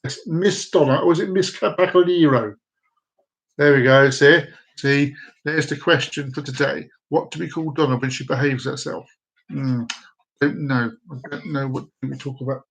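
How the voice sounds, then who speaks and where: A man's voice: mid-range voice, steady tone, normal speed, creaky, poor audio. A man hosting a casual live stream at home, telling bad jokes in a rambling, repetitive way. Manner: jokey, rambling, repeats himself. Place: downstairs room at home with dogs.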